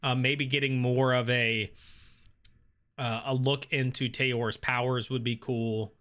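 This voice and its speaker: A man's voice: mid-range voice, little pitch movement, takes it slowly, a bit bright, smooth. A man hosting a casual livestream, reading viewer comments aloud and answering them with lots of ums and uhs. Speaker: streamer reading live chat.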